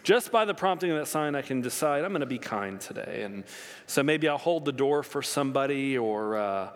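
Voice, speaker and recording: A man preaching a sermon as pastor, telling the story with lively swings in his voice. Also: mid-range voice, brisk. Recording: long reverb of a hall.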